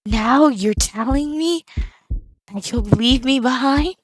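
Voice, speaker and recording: A woman voicing a clingy, possessive young woman in a game, pleading in a drawn-out way. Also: high voice, no room sound, studio quality, pitched above the performer's own voice. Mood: hurt.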